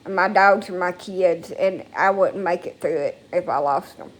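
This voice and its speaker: A woman's voice: on the low side, moderate pace. A woman talking casually into a phone at home, rambling and emotional, with frequent swearing. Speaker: vlogger. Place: at home, indoors.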